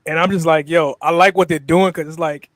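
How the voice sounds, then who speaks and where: A man with a fairly high voice talks through wrestling news in a relaxed podcast chat. He retells moments by quoting the wrestlers and laughs along with his co-host. His mic sounds dry and close. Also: a little fast, dry recording. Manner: recaps events by quoting wrestlers, laughs often. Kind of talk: casual wrestling banter.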